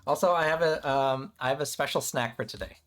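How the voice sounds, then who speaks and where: A man live-streaming casually to his chat, playful and excitable, joking about himself and rambling as he sets things up. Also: mid-range voice, brisk. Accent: American. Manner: playful, chatty, self-deprecating, excitable.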